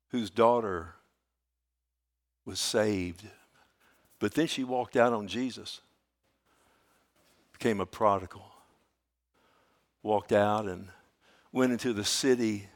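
An older man, preaching a sermon in a folksy storytelling way that swings from hushed to loud. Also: fairly low pitch, creaky. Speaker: pastor.

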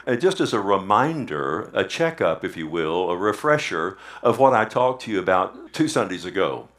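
A man's voice: fairly low pitch, a bit bright. A male pastor preaching a Sunday sermon in a church service, often asking his congregation "amen?". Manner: preaching with frequent "amen?" call-outs.

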